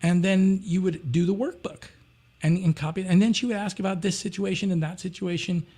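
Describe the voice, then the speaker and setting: A man, a podcast guest, telling travel stories in a lively way, slipping into sung and acted quotes. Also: sits high, brisk. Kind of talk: animated storytelling.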